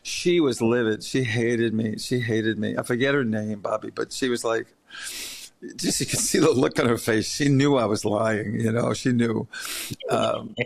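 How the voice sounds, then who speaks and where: A middle-aged man hosting a podcast, telling an anecdote in a casual, animated way and laughing as he goes. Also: medium pitch, normal speed, creaky, dry recording. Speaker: podcast host. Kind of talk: casual storytelling.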